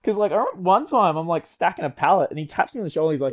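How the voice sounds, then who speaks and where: A man's voice: fairly high pitch, lively intonation, racing. A young man, telling rambling work stories in casual chat. He swears constantly and laughs through his own anecdotes. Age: early 20s. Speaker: podcast co-host. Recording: lo-fi dull audio.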